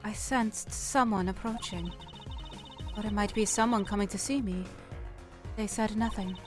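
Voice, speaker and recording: A woman voicing a soft-spoken, formal blind female singer in a fan game dub. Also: medium pitch, over music, lightly acted. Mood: calm. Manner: calm, measured, formal.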